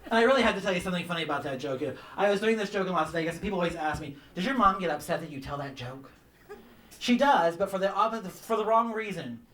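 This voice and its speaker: A man doing a stand-up comedy set, telling campy stories about his mother and mimicking her in a shrill voice, with audience laughter behind him. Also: expressive, fast, a bit bright. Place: comedy club stage. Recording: roomy club sound from some distance.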